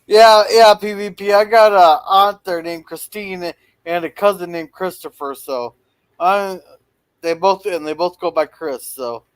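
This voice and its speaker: A man's voice: high-pitched, unhurried, clear, resonant tone. A man co-hosting a casual show, chatting and reading out viewer comments. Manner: laid-back, reads viewer comments aloud. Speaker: co-host reading chat. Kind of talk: casual chat.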